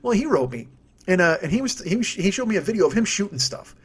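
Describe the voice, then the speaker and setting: Man, comedian host, high-pitched voice, profane rambling rant, self-mocking, recorded at home. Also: very animated, quick pace, breathy edge. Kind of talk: comic rant monologue.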